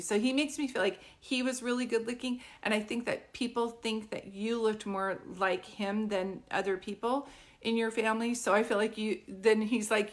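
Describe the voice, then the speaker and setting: A woman speaks as a psychic medium in a live online group reading. She talks in a loose, conversational way, full of "like" and quick asides. She keeps pausing to ask whether what she says makes sense. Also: fairly high pitch, fairly even intonation. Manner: chatty, keeps checking "does this make sense".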